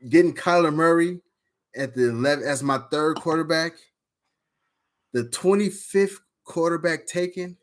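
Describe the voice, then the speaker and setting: A man's voice: fairly high pitch, measured pace. A man casually recapping a fantasy draft, rambling and swearing with lots of fillers and outbursts. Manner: rambling, profane, animated storytelling with frequent fillers. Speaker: fantasy football league member.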